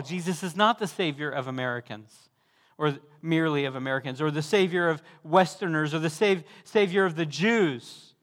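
Fervent high-voiced male preacher in a hall. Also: moderate pace, fairly bright tone. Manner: fervent preaching, building to emphatic repeated calls. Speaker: pastor. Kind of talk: sermon.

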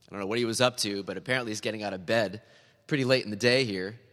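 A man's voice: lowish voice, rapid-fire, a bit bright, long reverb tail. A man preaching a sermon in a church, earnest and building to emphatic, repeated appeals. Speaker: pastor.

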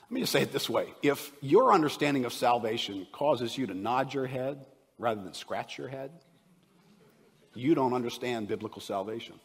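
A man preaching a sermon as a pastor, swinging between loud emphasis and hushed, near-whispered asides. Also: medium pitch, expressive, normal speed, creaky, slightly rough, long reverb tail.

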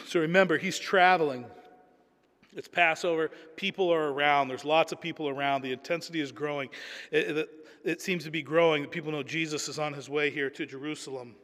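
A man's voice: fairly high pitch, steady tone, brisk, fairly bright tone, long reverb tail. A man preaching a sermon in an earnest, emphatic way, often repeating words as he builds a point.

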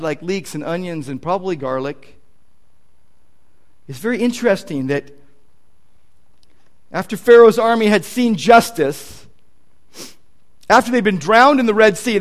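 A man's voice: high voice, lively intonation, a little slow, pauses often. A male pastor preaching a sermon in a conversational, emphatic way, with casual asides to the congregation.

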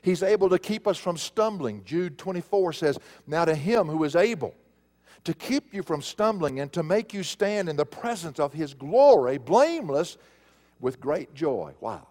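A man's voice: fairly high pitch, animated, normal speed, darkish tone. A man preaching a sermon as pastor, leaning hard on key words and stretching them out for emphasis.

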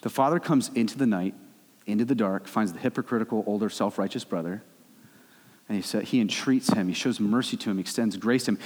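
A young adult male pastor preaching a sermon, with animated swings between loud, high bursts and low, quiet stretches. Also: fairly quick. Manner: animated preaching, rising and dropping sharply. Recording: long hall reverb.

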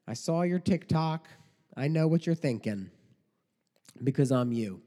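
A man's voice: a little high, lively intonation, a little slow, mellow. A man preaching a sermon in a conversational way, full of rhetorical questions and mock quotes. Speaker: pastor. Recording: long hall reverb.

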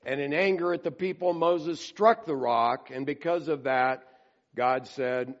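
A man preaching a sermon in a slow, emphatic way and acting out quoted prayers with drama. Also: a little high, dull audio. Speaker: pastor.

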